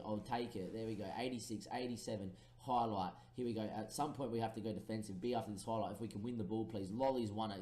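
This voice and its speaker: A young man commentating live on a football management game, lively play-by-play with excited bursts and pleading. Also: on the low side, reverberant, slight background noise. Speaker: gaming commentator.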